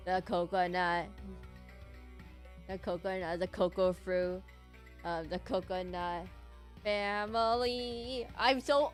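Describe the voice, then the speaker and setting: A woman's voice: mid-range voice, fairly bright tone. A woman streaming a game, rambling goofily with frequent laughs and hummed snippets. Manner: goofy, rambling, giggly, hums and sings snippets. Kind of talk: casual gameplay commentary.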